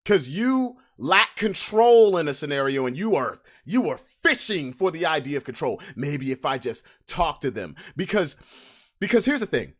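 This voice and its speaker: A man's voice: on the high side, very animated, normal speed, fairly bright tone. A man hosting a podcast, delivering a brash, swaggering comic rant full of trash talk. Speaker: podcast host.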